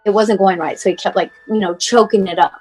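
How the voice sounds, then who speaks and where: A woman in her forties on a video call, telling a hard family story in a halting, emotional way with many fillers and moments close to tears. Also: mid-range voice, darkish tone, soft background music, poor audio. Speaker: mother telling her son's story as guest. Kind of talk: personal storytelling, casual and unscripted.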